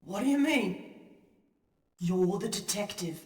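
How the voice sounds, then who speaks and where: A man's voice: high-pitched, expressive, slow pace. An actor voicing a timid, eager young boy in a video game cutscene. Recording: game audio in an echoey hall.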